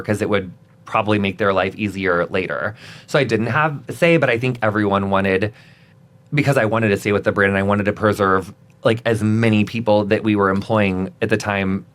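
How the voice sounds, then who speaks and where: A man as an interview guest, telling stories in a chatty, animated way with lots of filler words and sudden dramatic outbursts. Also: fairly low pitch. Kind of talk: casual interview chat.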